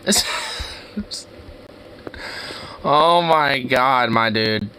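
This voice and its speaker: A man giving casual, excitable commentary while browsing street view, slangy and laughing often. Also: mid-range voice, extremely slow, slight background noise. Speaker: streamer.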